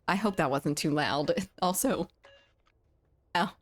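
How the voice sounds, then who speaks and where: A woman's voice: fairly low pitch, slow pace, noisy background. A woman streaming a shooter game, chatting casually with her viewers and reading their messages aloud. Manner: chatty, reads chat aloud, laughs often. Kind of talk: casual gaming stream chat.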